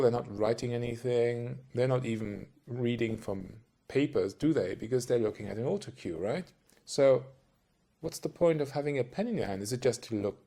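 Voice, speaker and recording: Speaking in a mid-range voice that is creaky, dark, and a bit breathy, a man teaches voice-over work in a relaxed tutorial to camera. The coach rambles chattily, addressing viewers directly and frequently asking them questions.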